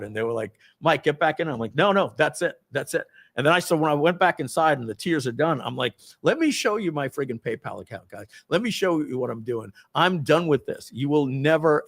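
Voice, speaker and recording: Animated storytelling man with big vocal swings. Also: vocal fry. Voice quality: acts out voices with big pitch jumps. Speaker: host.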